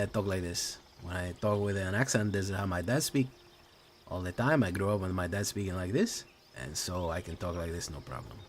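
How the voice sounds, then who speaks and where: A man putting on his father's thick Spanish accent, speaking broken English with drawn-out "eh" fillers. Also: sits low, a little hiss or hum. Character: middle-aged Latino dad, broken English. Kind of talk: playful accent impression.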